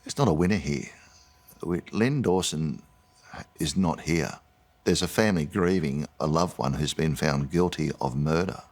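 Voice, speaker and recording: A man's voice: rumbling low, normal speed, darkish tone. A man with an Australian accent, a retired detective, speaking plainly and steadily in an interview.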